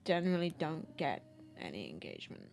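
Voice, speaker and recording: Woman streamer, casual rambling chat, self-deprecating, quiet music in the background. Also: low voice, huge pitch swings, fairly quick, creaky.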